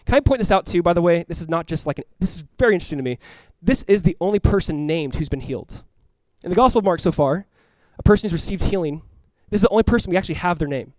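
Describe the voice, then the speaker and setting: Male pastor, high-ish voice, rapid animated sermon delivery, plays out the characters' lines, dry close-miked sound. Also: dry recording. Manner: animated, acts out voices of the crowd and the blind man; swings from loud cries to hushed earnest tones.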